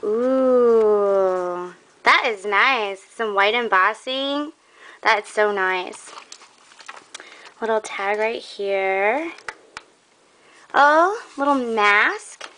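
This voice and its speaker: A woman's voice: mid-range voice, extremely slow, long pauses, pushed and bright. A young woman showing off a craft trade in a casual vlog, gushing and admiring, a bit out of breath.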